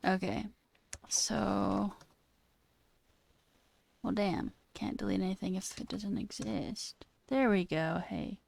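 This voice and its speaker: Gravelly-voiced woman streamer thinking aloud. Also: mid-range voice, steady tone, slow pace, long pauses, darkish tone. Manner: chatty, thinking aloud while working. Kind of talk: casual coding stream chat.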